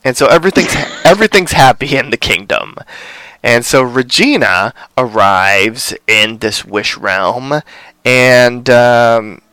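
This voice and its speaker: A man casually recapping a TV episode as a podcast host, rambling with many fillers. His voice is smooth and clear, recorded dry and close. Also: mid-range voice, lively intonation, slow pace, pushed and bright, dry recording.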